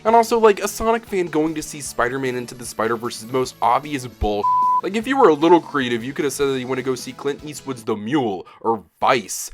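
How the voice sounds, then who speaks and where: A man narrating a scripted video essay as the channel host, sarcastic and incredulous. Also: mid-range voice. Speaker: YouTube host.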